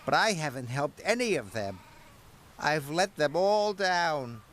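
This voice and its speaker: A man's voice: on the high side, big pitch swings, measured pace, a bit bright, a little hiss or hum, pitched above the performer's own voice. A man voicing a timid little engine. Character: timid little male narrow-gauge engine, gentle.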